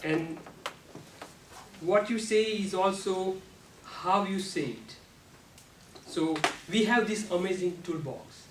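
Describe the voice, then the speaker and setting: A man giving a prepared club speech on how to use the voice, speaking slowly and deliberately with non-native grammar, and now and then showing off sudden jumps in pitch and loudness. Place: meeting room. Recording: echoey room, speaker far from mic, faint noise.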